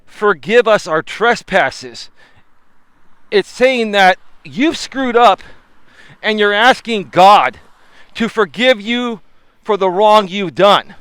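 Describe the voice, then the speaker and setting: A man with a high, clear, smooth voice talks to his live chat as he walks through a park, filming himself on a selfie stick. He chats casually, laughs often and slips into preachy asides. The sound is close and dry. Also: slow pace, fairly bright tone, no echo. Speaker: life coach. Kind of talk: live-streamed walking talk. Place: outdoors in a park. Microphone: camera on a selfie stick.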